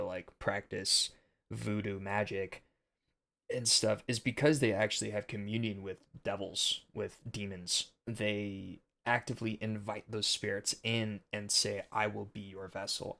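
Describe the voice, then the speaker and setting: A young man with a lowish, creaky, slightly bright voice hosts a casual film commentary monologue. His delivery rambles, and he comes across as earnest and preachy.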